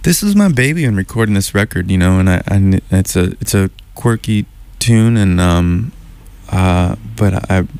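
Low-voiced man telling a winding story. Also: lively intonation, moderate pace, vocal fry, darkish tone, clear, resonant tone, no echo. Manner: loose, winding storyteller who circles back on himself. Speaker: musician guest. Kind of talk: radio interview storytelling.

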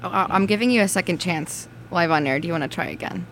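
A woman's voice: on the low side, quick pace, a bit bright, slight background noise. A woman co-hosting a casual radio show, teasing and playful with her partner. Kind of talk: casual chat.

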